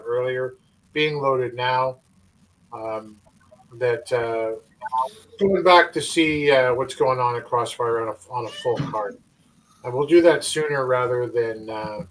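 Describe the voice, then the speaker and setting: A man hosting a wrestling podcast, chatting in a relaxed, hesitant way with lots of fillers. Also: medium pitch, far from the mic, a little hiss or hum, rough recording. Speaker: podcast host. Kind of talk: casual podcast chat.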